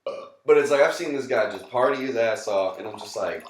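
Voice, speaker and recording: A man's voice: mid-range voice, lively intonation, quick pace, slight background noise. Rambling tipsy young man, echoey room. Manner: rambling, laughs a lot, swears often, says "bro". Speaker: podcast host. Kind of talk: casual drunk chat. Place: small apartment.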